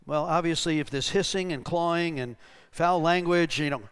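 A man's voice: on the high side, normal speed, clean tone. A man preaching in a church, telling stories conversationally and checking in with "right?" while acting out voices. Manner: conversational, tags lines with "right?", acts out the voices in his stories. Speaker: pastor. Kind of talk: sermon teaching with anecdotes.

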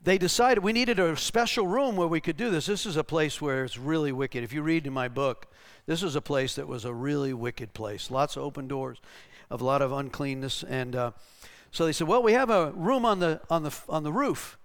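With a medium-pitched voice, normal speed and hardly any pauses, a male pastor preaches in church. His sermon teaches through anecdotes, delivered conversationally with frequent "right?" check-ins and acted-out voices.

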